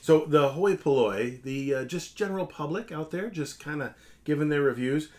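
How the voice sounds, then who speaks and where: A man's voice: fairly high pitch, normal speed. A man co-hosting a casual movie-review podcast, joking and reading listener reviews aloud. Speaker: podcast co-host.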